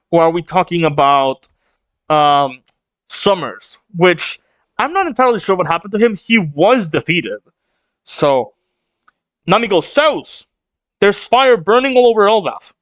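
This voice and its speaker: Manga reaction streamer, lively and chatty, dull dry home mic. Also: medium pitch, dry recording. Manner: chatty, laughing often, opinionated. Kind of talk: live reading and reaction.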